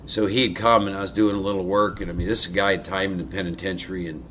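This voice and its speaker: A man speaking earnestly to a recovery group about his own spiritual experience, pausing often with fillers. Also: low voice, fairly even intonation, fairly bright tone, a little hiss or hum. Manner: earnest, halting with frequent fillers. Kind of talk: personal testimony to a group.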